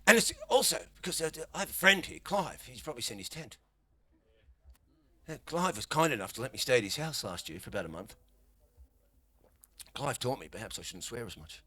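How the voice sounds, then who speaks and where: A middle-aged Australian man with an Australian accent performs a stand-up comedy set. He rambles through his stories in animated fashion and swears freely, in a bright, forceful voice at a middle pitch. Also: brisk, pauses often, husky.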